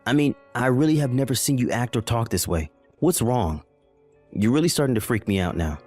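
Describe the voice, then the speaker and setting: A man acts out a bewildered husband in a text-message story drama. His voice is mid-pitched and swings widely as he fires off alarmed questions. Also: expressive, brisk, a little mellow, soft background music, natural voice. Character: bewildered husband, pleading and confused.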